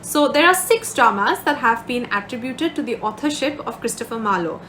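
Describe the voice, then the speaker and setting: A woman gives a patient exam-prep lecture on literature in a bright, fairly high voice. She repeats each point, keeps checking in with her students, and slows down on key words to show their stresses. A faint hum of room noise sits under her voice. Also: expressive. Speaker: teacher.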